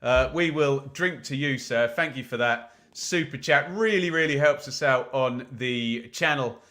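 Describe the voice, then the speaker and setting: A man's voice: medium pitch, unhurried, fairly bright tone. A man hosting a live football watch-along, chatting casually with viewers and reading their comments, with frequent "um" fillers.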